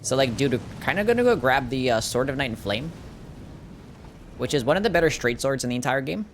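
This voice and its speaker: Australian guy, young, mid-pitched voice, easygoing game streamer who swears freely and chats with viewers. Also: very animated, brisk, a little hiss or hum. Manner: laid-back, swears freely, answers chat. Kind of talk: casual gameplay commentary.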